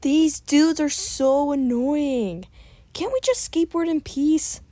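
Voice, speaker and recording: A woman voicing an excitable, goofy teenage boy mutant turtle in a fan comic dub, shouting playfully. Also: high-pitched, slow pace, no echo, voice pushed up. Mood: hyped.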